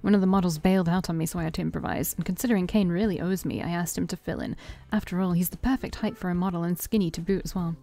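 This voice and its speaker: With a warm, lowish voice marked by vocal fry, a woman streams a dating-sim visual novel, reading its text aloud and playing every role in her own voice. She keeps a brisk pace and fairly even intonation, pausing for joking asides as faint game music plays.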